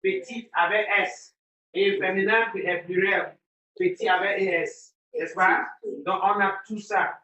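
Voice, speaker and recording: A woman's voice: medium pitch, steady tone, measured pace, sharp tone, muffled recording. A woman teaching young children in a classroom, coaxing them and repeating prompts for them to echo back. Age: adult. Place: classroom in a temporary learning center. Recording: echoey room with faint noise.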